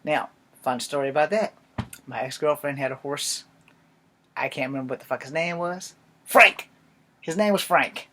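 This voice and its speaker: A young man telling a funny personal story in casual, swearing storytime style, jumping from low mutters and whispers to loud outbursts. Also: normal speed, long pauses, a little hiss or hum. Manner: sometimes drops to a whisper. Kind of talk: casual profane storytime monologue.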